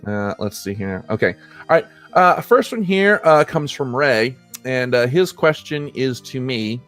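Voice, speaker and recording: A man's voice: mid-range voice, expressive, unhurried, fairly bright tone, faint music behind. A young man hosting a casual podcast, rambling, restarting sentences and laughing often. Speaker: podcast host. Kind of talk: casual chat.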